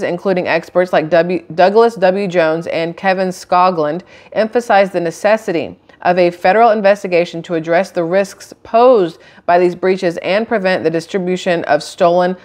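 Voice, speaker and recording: A woman with a lower-pitched voice talks straight to her camera microphone. She reads news items aloud and then cuts in with blunt, chatty opinions of her own. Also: darkish tone. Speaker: channel host. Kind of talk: casual commentary reading news.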